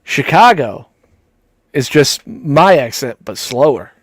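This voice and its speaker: A man's voice: medium pitch, sing-song, slow, dry recording. A man chatting casually as a show host, crude and joking, riffing about regional accents. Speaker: commentary stream host. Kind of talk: casual chat.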